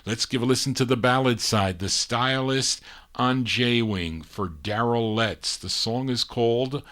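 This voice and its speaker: A man's voice: medium pitch, unhurried, fairly bright tone. A man hosting a live record show, chatting through listener requests and record details with small stumbles. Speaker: radio-style show host and DJ.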